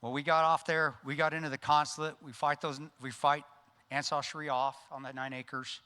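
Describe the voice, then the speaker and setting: A man with a bright, forceful voice tells a gripping war story from the stage of a conference. His delivery is intense and earnest, and it sinks to a hushed tone at solemn moments. The long reverb of the large hall hangs after each phrase. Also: on the high side, little pitch movement, fairly quick, smooth. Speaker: keynote speaker.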